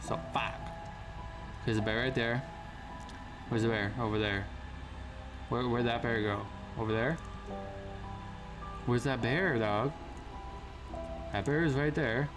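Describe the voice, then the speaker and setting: A man's voice: mid-range voice, slow pace, long pauses, music in the background. A young man casually commenting on a survival game, slangy and prone to sudden startled yelps. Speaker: gaming channel host. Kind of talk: gameplay commentary.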